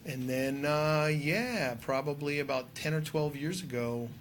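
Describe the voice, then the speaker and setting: A man's voice: a little high, unhurried, a little hiss or hum. A man, a filmmaker and drone pilot, chatting as a guest in an enthusiastic, rambling way. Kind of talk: casual podcast conversation.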